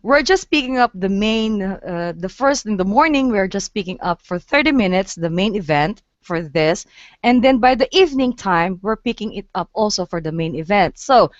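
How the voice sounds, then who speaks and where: A woman's voice: mid-range voice, animated, normal speed, no room sound, highs cut off. A woman hosting a live online chat, talking chattily with fillers and lots of giggles. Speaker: host of a live photo-walk stream. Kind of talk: casual group chat. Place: Japan.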